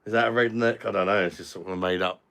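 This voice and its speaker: A man's voice: deep voice, fairly even intonation, very fast, a bit bright. A young Englishman hosting a casual live stream, chatting and joking with viewers as he reads their comments. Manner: chatty and jokey, swears casually.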